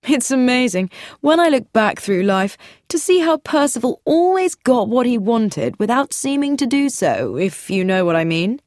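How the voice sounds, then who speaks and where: A woman voices a brash, cheerful younger brother, pitching above her natural voice into a highish, slightly mellow range. She is very animated at a normal speed, breezy and mocking, in a dry, clean studio recording.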